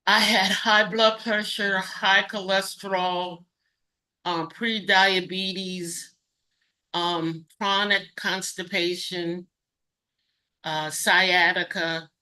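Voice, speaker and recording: A woman guest casually demonstrating a recipe and telling her story, halting and correcting herself often. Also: mid-range voice, little pitch movement, pushed and bright. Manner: halting, self-correcting, many fillers.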